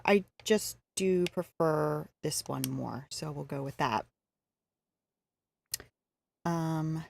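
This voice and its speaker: A woman's voice: low voice, vocal fry, darkish tone. A woman streaming a video game live, talking it through in a casual, easygoing way with frequent hesitations.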